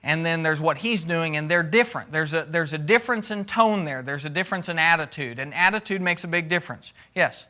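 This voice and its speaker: Male Bible teacher with a high, bright voice. Conversational, takes questions, acts out the people he quotes. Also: a little fast, few pauses.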